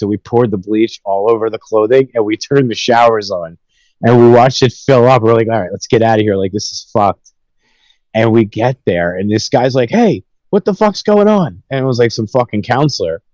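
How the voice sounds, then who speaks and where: Young guy ranting out crude camp stories, kinda low voice, swears a ton, dry mic. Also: fairly quick, darkish tone, no room sound, rough recording. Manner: profane, rambling, laughs while telling stories. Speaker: podcast host. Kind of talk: casual storytelling chat.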